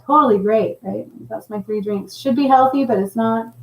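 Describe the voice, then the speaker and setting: A middle-aged woman hosting a casual livestream, chatting and reading viewer comments with a laughing, animated manner. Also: on the high side, moderate pace, creaky, reverberant, low-quality recording. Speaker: livestream host.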